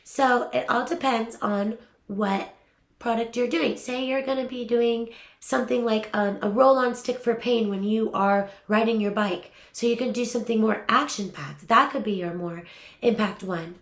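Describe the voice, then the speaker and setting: A woman's voice: a little high, normal speed. A young adult woman giving a casual voiceover lesson, chatty and upbeat with frequent fillers. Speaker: voiceover coach. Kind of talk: casual teaching talk. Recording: echoey room.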